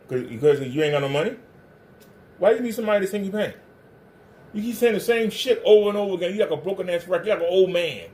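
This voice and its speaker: A man's voice: sits high, darkish tone. A man hosting a livestream, ranting confrontationally and hammering the same pointed questions. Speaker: livestream commentator.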